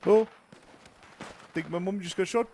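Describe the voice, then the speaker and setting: Man putting on a high goofy Kiwi lilt. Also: a little slow, creaky, dark tone, a little hiss or hum. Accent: mock New Zealand. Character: jokey young man faking a New Zealand accent.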